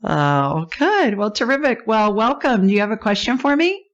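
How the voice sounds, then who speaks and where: A woman's voice: a little high, big pitch swings, moderate pace. A woman hosting a call-in podcast, talking in a soothing, chatty, descriptive way. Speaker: podcast host and psychic. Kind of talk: call-in show chat. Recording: dull lo-fi sound.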